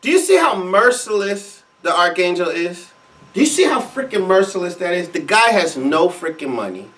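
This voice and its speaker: A man's voice: sits high, very animated, moderate pace, fairly bright tone, recorded from a distance. A man co-hosting a reaction show, commenting casually in a heated, emphatic way with frequent repetition.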